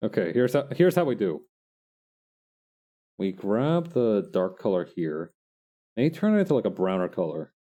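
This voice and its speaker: A young man casually chatting while he makes digital art, self-mocking and quick to laugh. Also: on the low side, very animated, dark tone. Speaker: digital artist streamer. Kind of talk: casual narration while drawing.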